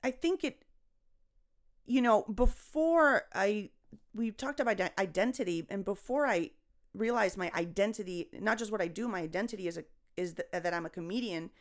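A young adult woman, a comedian, talking casually on a podcast in a rambling, expressive way, swearing and laughing often. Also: mid-range voice, moderate pace. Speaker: guest comedian.

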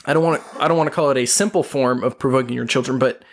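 A man hosting a casual Christian podcast, affirming his co-host and reading scripture slowly and deliberately. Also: mid-range voice.

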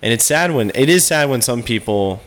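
A man hosting a casual chat, animated, who often acts out quoted small talk. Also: mid-range voice, moderate pace.

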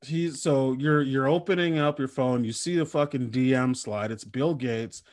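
A man's voice: mid-range voice, normal speed, a little mellow, dry recording. Profane joking man, dry close sound. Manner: profane, jokey, riffs in mock voices. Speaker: podcast co-host. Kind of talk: casual comedic podcast chat.

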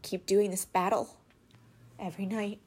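A woman as an interview guest, telling a personal story in a halting, candid way, with many fillers and restarts. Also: medium pitch, level tone, a little mellow, slightly rough. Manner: candid and emotional.

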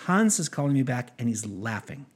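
Husky-voiced man telling a story. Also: mid-range voice, moderate pace. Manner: animated retelling with quoted dialogue, frequent restarts. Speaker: podcast host. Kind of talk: storytelling monologue.

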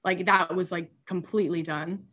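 A young woman, a superyacht stewardess, telling a story in casual chat, animated and laughing, with many filler words. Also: lowish voice, normal speed, muffled recording.

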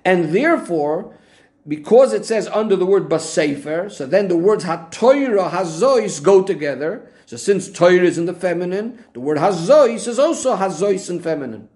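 Man, high-pitched, teaching a lesson, careful and repetitive. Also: expressive, normal speed, darkish tone. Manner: methodical, restates points with Hebrew terms. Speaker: Torah teacher. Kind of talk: explaining a Rashi commentary.

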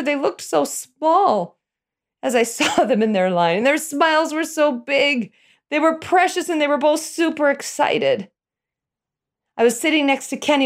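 Middle-aged woman recounting family memories; animated, chuckly delivery with a bouncy, slightly high voice. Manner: animated, chuckles through her telling. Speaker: storyteller. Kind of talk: personal storytelling.

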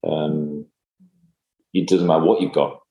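A man in casual conversation, speaking in a halting, reflective way with many fillers and restarts. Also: a bass voice, level tone, dark tone. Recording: echoey room.

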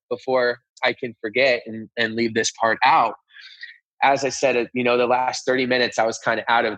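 A man's voice: mid-range voice, a bit bright, no echo, poor audio. A man earnestly recounting a personal experience in casual storytelling, acting out conversations as he goes. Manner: earnest, reenacts conversations with "I was like". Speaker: guest telling a personal story.

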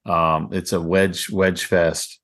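A man's voice: low voice, level tone, slow pace, fairly bright tone. A man with a Southern drawl, co-hosting a golf podcast in a rambling, easygoing way with frequent laughs. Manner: rambling, laughs often, lots of "I mean". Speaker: podcast co-host. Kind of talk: casual golf podcast chat.

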